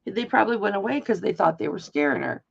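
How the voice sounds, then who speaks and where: A woman's voice: medium pitch, animated, fast talker, gravelly, slightly rough. An older woman telling a rambling personal story in a chatty, casual way, full of asides, on dull lo-fi audio. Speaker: live auction host.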